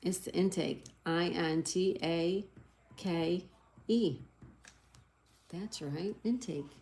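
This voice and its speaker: Her voice is lowish, gravelly and dark, and she takes her time. As the middle-aged host of a relaxed livestream, she reads viewer comments and spells out crossword solutions letter by letter in a bright, talkative way, apologizing for any slips.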